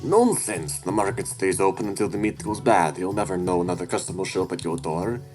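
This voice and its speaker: A man's voice: deep voice, expressive, brisk. A man voicing a small, elderly, winged female shopkeeper creature in a tabletop game, a chatty, pushy matchmaker in her sixties. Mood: meddling. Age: 60s. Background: clear background music.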